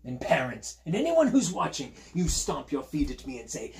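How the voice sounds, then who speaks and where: A man's voice: fairly high pitch, huge pitch swings, normal speed, darkish tone, a little hiss or hum. Playful man reading a storybook aloud. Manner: playful, chatty, invites listeners to join in. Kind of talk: storytime read-aloud for children.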